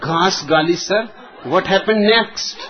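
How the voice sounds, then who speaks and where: A man voicing an eager young army captain who keeps asking excitedly what happened next. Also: high-pitched, slow pace, a faint crowd, a little hiss or hum. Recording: dull lo-fi recording.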